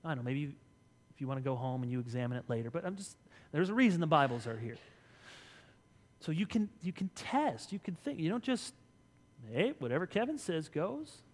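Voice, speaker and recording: Male pastor, bright higher-set voice, conversational sermon in a reverberant church hall. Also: sing-song, fast. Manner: conversational preaching, swings from loud to soft. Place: church sanctuary.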